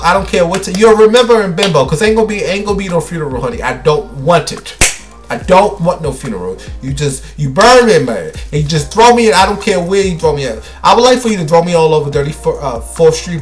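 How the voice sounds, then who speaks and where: A man's voice: a little high, lively intonation, fairly quick, soft background music. A young man hosting his own show, chatting casually and dramatically, calling listeners honey and baby. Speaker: host. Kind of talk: casual solo chat.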